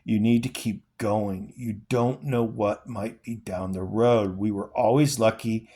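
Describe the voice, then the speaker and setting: A man reading aloud and voicing a dying father who gently urges his son on. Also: on the low side, fairly even intonation, a little slow. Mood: tender. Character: dying father, weary, tender and steadfast.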